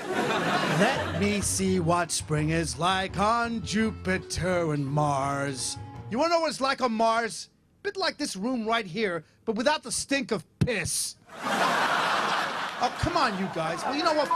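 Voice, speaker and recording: A man playing a washed-up male lounge comic who insults the crowd while crooning a standard, in front of a live audience with loud music. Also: extremely high pitch, pitched above the performer's own voice, full character voice. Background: music and audience laughter.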